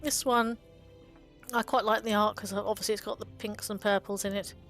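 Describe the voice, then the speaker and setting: A woman's voice: medium pitch, level tone, normal speed, fairly bright tone. Woman rambling fondly about card art, lots of ums and little laughs, faint music behind. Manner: chatty and fond, with frequent ums and small laughs. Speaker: card game video host. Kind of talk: casual commentary on card art.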